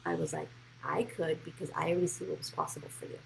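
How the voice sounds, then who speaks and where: A woman's voice: low-pitched, sing-song, fast talker, gravelly, a little hiss or hum, low-quality recording. A woman hosting a live-streamed motivational money talk, speaking bluntly and encouragingly and answering viewers' comments by name. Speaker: financial coach and show host.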